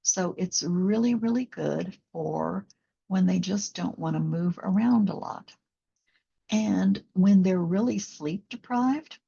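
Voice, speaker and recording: A slow, low-pitched woman with a gravelly, husky voice talks gently through an interview. Her tone is mellow and relaxed, with plenty of fillers. The audio is slightly dull and lo-fi. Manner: gentle, reflective, with many fillers. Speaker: postpartum doula and bodywork instructor. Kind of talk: conversational interview.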